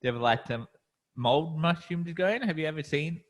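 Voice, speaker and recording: A man's voice: a little high, normal speed. A man with an Australian accent hosting a podcast in casual chat, laid-back and rambling with easy chuckles. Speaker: podcast host.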